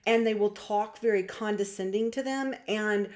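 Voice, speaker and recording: A young woman talking casually to her viewers about star signs, chatty and lively, often acting out what other people say. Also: medium pitch, normal speed. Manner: chatty, animated, acts out quoted voices. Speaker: astrology vlogger and reader. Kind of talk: casual talk to camera.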